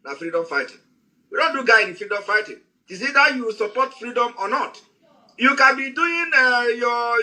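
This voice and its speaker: A man giving a heated, scolding address to listeners on an audio space, shouting as he speaks. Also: high voice, low-quality recording.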